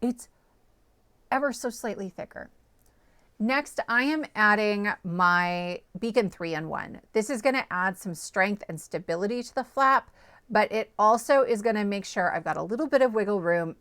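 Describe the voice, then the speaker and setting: A woman's voice: fairly low pitch, normal speed, gravelly, a bit bright, dry recording. A woman host walking viewers through a card-making project, chatty and upbeat, often checking in with "okay?" and "right?". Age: adult, parent of small children. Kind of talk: step-by-step crafting tutorial.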